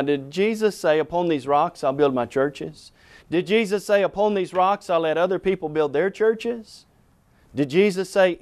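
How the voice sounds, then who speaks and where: A male preacher delivering a broadcast sermon in a somewhat high voice. He talks emphatically, quotes scripture and drives his points home with pointed rhetorical questions. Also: a little mellow, clean tone. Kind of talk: televised sermon.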